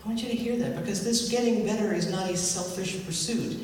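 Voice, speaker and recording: A man's voice: high voice, fairly quick, slight background noise. Man, minister, sermon in a big echoey hall, heard from a distance, talks to the congregation with questions. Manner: conversational, asks the congregation questions. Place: church hall.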